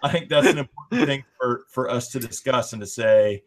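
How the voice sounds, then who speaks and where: A man's voice: mid-range voice, a little fast. A man co-hosting a discussion podcast, talking casually with lots of fillers and restarts. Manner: conversational, many fillers and restarts. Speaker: podcast co-host.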